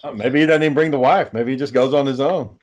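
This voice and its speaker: A man's voice: medium pitch, fast talker, a little mellow, muffled recording. A man hosting a podcast in casual chat, swearing freely and joking about a friend. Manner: profane, joking, quotes friends in mock voices. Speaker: podcast host.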